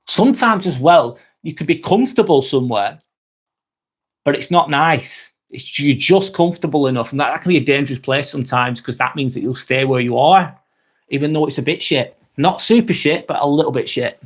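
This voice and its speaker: A young man from Northwest England with a broad Lancashire accent hosts a casual live vlog, reading out viewers' comments and swearing freely. His voice is husky and fairly high, and he talks in an animated, fairly quick way.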